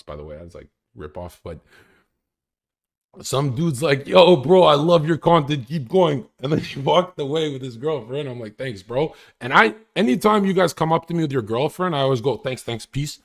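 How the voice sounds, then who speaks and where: On a live stream, a young man rants, boasting crudely and laughing often. His delivery is loose and casual, with pitch that swings widely.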